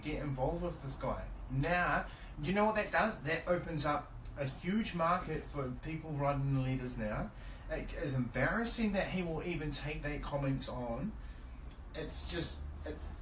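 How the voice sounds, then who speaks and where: A man's voice: fairly high pitch, lively intonation, normal speed. A man co-hosting a podcast, talking bluntly and joking around in casual chat. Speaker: podcast co-host. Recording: roomy, distant from the mic, faint noise.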